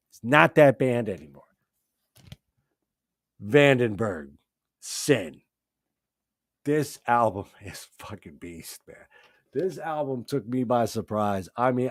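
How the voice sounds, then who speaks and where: An excitable man hosts a live chat and gushes about albums he loves. He curses freely and stumbles through restarts as he gets carried away. His voice sits at an ordinary middle pitch, and the recording is dry and close. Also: normal speed, no echo. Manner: excitable, swears, many restarts. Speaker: host. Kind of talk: live-stream music chat.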